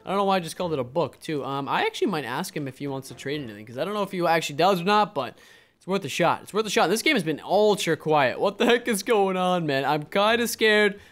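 A young man with a fairly high voice chats through a round of an online game, talking to his viewers in a casual running commentary. He swings from easy rambling into sudden loud, excited outbursts. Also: fast talker. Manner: excitable, jumps to loud exclamations. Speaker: gaming video host.

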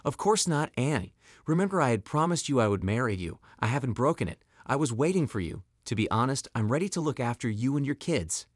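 A man voicing a kind, patient young man who speaks gently and reassuringly in a spoken story. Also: medium pitch, big pitch swings, a little fast, no echo, studio quality. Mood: earnest.

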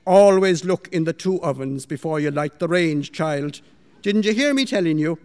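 A man voicing a sharp-tongued, bossy mistress of a house who scolds and gives orders, in a storybook reading. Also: fairly low pitch, big pitch swings, a little fast, long reverb tail. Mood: scolding. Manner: scolding, impatient, commanding.

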